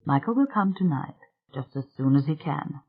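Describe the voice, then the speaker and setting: A gentle, white-haired English gentleman speaks in a clipped yet melodious voice, low and secretive, as an audiobook narrator puts him on. The pitch sits in the middle. Everything comes through thin and tinny, like a phone line. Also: animated, moderate pace, slightly rough. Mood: soothing.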